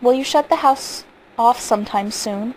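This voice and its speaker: Spoiled, cold-voiced boy, voiced by a woman reader, pitched up a touch. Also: moderate pace, a little mellow, a little hiss or hum, natural voice, poor audio. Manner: cold and defiant. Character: sullen, spoiled young boy.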